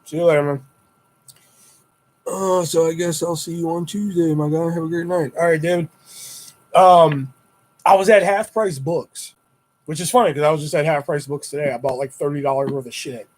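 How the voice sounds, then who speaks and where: A young man with a high, light voice hosts a casual livestream, chatting to viewers through a desktop mic. He rambles and swears freely, and his voice leaps up whenever he acts out what he said in a story. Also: moderate pace, low-quality recording. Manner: animated retelling with high-pitched quoted exclamations. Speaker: livestream host. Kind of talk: casual live-stream chat.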